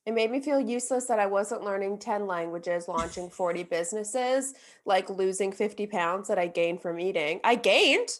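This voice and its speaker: A woman's voice: mid-range voice, normal speed, few pauses. A young woman hosting a podcast, talking candidly about hard times and laughing nervously through it. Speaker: podcast host. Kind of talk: casual chat.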